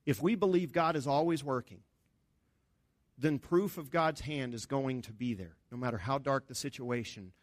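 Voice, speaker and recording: A pastor preaching a sermon in an earnest, conversational way, with emphatic rises on key points. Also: male voice, medium pitch, moderate pace, no echo, clean studio sound.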